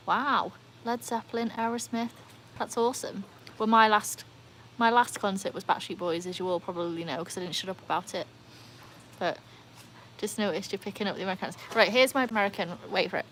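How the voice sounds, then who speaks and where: A woman chats excitedly through a casual livestream, reading and answering comments as she goes. Her voice sits in a middle register. A faint outdoor hum lies underneath. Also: medium pitch, brisk. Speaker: livestream host. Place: outdoors by a backyard pool. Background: faint outdoor ambience, dogs.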